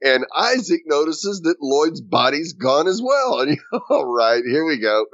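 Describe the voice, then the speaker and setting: A man's voice: on the high side, sing-song, measured pace, a bit bright, no room sound, dull audio. A man co-hosting a casual chat, narrating plot points and laughing along. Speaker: podcast co-host.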